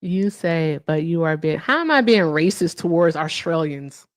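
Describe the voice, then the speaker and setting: A woman's voice: low voice, animated, measured pace, no echo. Brash, chatty woman streamer. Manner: brash, chatty, curses freely, hums and sings filler. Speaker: livestream host. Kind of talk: casual livestream chat.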